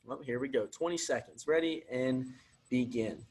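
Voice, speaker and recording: A man's voice: mid-range voice, moderate pace, darkish tone. A man teaching physical education, reading a picture book aloud and coaching children through movement breaks in an upbeat, encouraging way.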